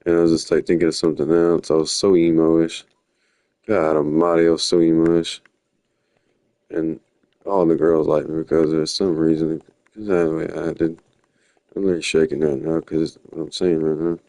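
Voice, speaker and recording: A man's voice: very deep voice, level tone, moderate pace, mellow, no echo. A young man rambling through slangy stories while live-streaming. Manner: rambling, slangy, drifting storytelling. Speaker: livestreamer.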